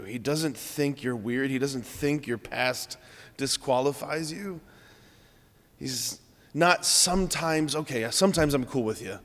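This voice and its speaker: Earnest priest preaching in a reverberant church. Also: male voice, mid-range voice, fairly bright tone. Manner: earnest, conversational, frequent "like". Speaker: Catholic priest. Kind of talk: homily.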